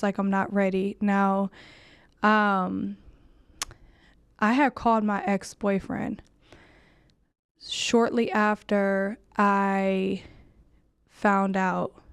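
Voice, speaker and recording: A woman's voice: mid-range voice, clear, resonant tone, no room sound, studio quality. A young adult woman candidly telling a heartfelt personal story, full of "like" fillers.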